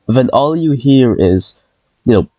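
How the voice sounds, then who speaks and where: A young man in loud, crude gaming banter whose voice swings widely in pitch. He jokes and yells at friends over a headset as he plays. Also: unhurried, dry recording, highs cut off. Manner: loud, crude, animated joking. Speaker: gamer.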